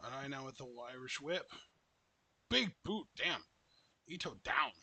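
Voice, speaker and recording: Bright, dry-sounding man calling wrestling. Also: medium pitch, expressive, measured pace, creaky, breathy edge, no echo. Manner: playful, laughing, calls the action. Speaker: co-host reacting to wrestling. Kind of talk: live reaction commentary.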